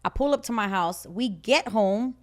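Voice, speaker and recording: A woman's voice: medium pitch, moderate pace. A woman co-hosting a podcast, telling a personal story in casual chat, laughing often and acting out what she and others said. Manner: animated storyteller, laughs often, acts out her own quotes. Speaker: podcast co-host.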